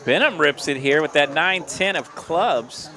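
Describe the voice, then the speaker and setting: A man's voice: a little high, animated, sharp tone. A man doing upbeat play-by-play and banter as co-commentator on a poker stream. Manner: upbeat, quick to laugh, play-by-play. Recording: card room crowd chatter behind. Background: crowd chatter.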